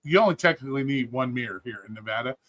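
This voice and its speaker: A man's voice: mid-range voice, lively intonation, fast talker, a crowd in the background. A man telling stories on a live stream in a casual, blunt and profane way. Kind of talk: casual storytelling.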